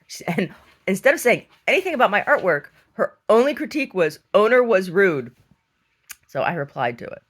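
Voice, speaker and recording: A woman artist who owns a gallery, telling a story casually in an animated, sardonic way and acting out the people in it. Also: mid-range voice, fast talker.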